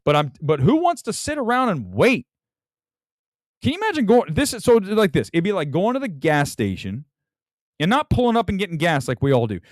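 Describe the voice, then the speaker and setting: A man talks in a loose, rambling rant, full of sarcastic asides. His pitch swings widely from low grumbles up to high, incredulous peaks. The sound is dry and close, with no room around it. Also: wildly swooping pitch, a little fast, no echo. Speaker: podcast host. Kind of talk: casual opinionated chat.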